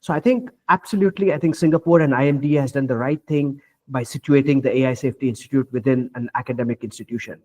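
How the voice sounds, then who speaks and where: A man speaking as a panelist at a virtual roundtable, explaining AI safety in a measured way with many fillers and restarts. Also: medium pitch, darkish tone. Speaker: panelist, AI researcher. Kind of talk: panel discussion remarks. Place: virtual roundtable, video call.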